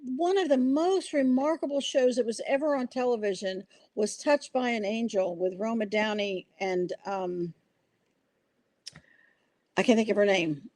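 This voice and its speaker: A woman's voice: a little high, measured pace, a little mellow, dry recording. An older woman hosting a podcast, telling stories in an earnest, rambling way with restarts. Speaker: podcast host. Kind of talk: casual podcast conversation.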